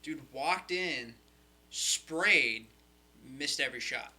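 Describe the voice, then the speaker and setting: A man co-hosting a casual podcast chat, telling animated stories and swearing freely. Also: mid-range voice, slow pace. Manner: animated storyteller, profane. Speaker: podcast co-host.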